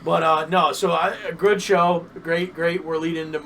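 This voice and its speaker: A man's voice: on the high side, little pitch movement, moderate pace, bright, forceful tone, distant mic, a little hiss or hum, poor audio. A man co-hosting a podcast, chatting casually and animatedly, swearing and repeating himself. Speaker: podcast co-host. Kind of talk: casual wrestling chat.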